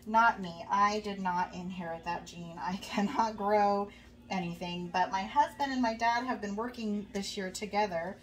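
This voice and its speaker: Speaking at normal speed in a medium-pitched voice, a young woman cooks at home and chats casually with her viewers, friendly, rambling and full of fillers. The recording has faint background noise and catches her a bit far from the mic.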